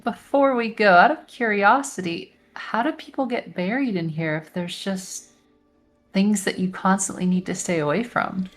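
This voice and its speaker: A woman's voice: medium pitch, normal speed, faint music behind. A woman playing a tabletop game, asking polite, curious questions. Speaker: player.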